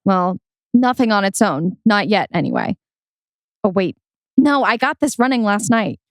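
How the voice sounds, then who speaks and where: A woman's voice: medium pitch, big pitch swings, normal speed, no room sound. An actress playing a young woman programmer, cool and dryly teasing. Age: young adult. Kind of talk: audio drama acting.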